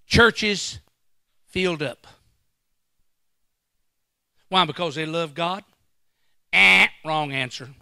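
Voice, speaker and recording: A man preaching a sermon as a guest pastor in a church, swinging into loud bursts and acting out quotes. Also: a little high, extremely slow, gravelly, pauses often, smooth, dry recording, studio quality.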